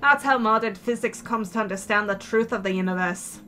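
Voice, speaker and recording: Give me a woman playing a pompous, theatrical mad scientist man with a bright, high voice. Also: a little fast, soft background music. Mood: lecturing. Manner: grandiose, declaiming.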